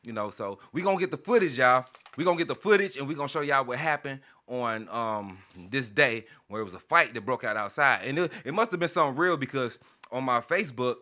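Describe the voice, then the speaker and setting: A man's voice: mid-range voice, brisk. A man with a St. hosting a radio show, telling a story in casual chat and acting out the people in it. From St. Louis. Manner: animated storytelling, acts out quoted voices.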